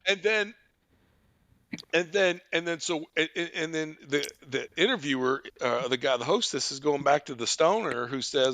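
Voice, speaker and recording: A man hosting a podcast, telling a profane comic story in an animated way. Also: on the high side, moderate pace, no room sound. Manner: animated, swearing, laughing. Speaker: podcast host.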